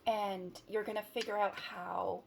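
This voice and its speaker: A woman's voice: mid-range voice, level tone, measured pace, gravelly, slight background noise. Rambling, giggly woman reading tarot. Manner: rambling, giggly, self-interrupting. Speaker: tarot reader. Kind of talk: casual tarot reading to camera.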